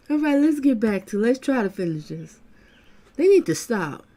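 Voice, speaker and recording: A woman with a high voice that swoops widely from low grumbles to sharp squeals. She talks casually and with exasperation, aims her remarks at the screen, and reads out comments from her viewers. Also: sing-song, moderate pace. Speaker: channel host reacting to trial footage.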